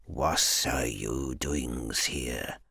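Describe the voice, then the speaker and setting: A man voicing a menacing male lizard man captor who speaks in broken grammar, slow and gravelly. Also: rumbling low, sharp tone, no echo, studio quality, pitched below the performer's own voice, exaggerated voice.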